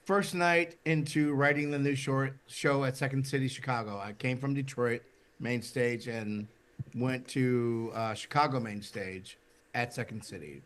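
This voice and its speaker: Slow, animated storytelling man. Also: medium pitch. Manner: animated anecdote teller, acts out quoted voices. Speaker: podcast guest. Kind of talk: storytelling in casual chat.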